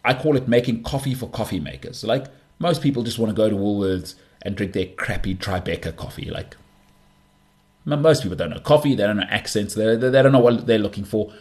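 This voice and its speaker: A man hosting a sports talk show, giving emphatic, repetitive opinions in animated bursts. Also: on the low side, fairly quick. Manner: emphatic, repeats himself, animated rants. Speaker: podcast host.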